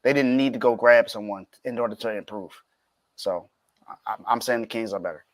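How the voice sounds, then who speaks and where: A man's voice: lowish voice, a little fast, no room sound. A man co-hosting a sports podcast, arguing his point insistently and with exasperation. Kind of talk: casual sports debate.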